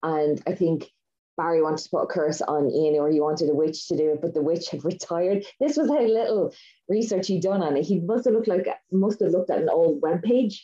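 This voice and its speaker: Low mellow woman chatting on a podcast. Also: normal speed. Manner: rambling, enthusiastic storytelling with many fillers. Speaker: podcast co-host. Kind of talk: casual chat. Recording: dull lo-fi sound.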